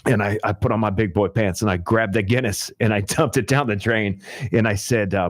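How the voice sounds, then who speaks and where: Chatty talk radio host, low voice, dry studio sound. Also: male voice, fairly quick, dry recording. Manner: chatty, animated, many fillers. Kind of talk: casual storytelling on talk radio. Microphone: studio microphone.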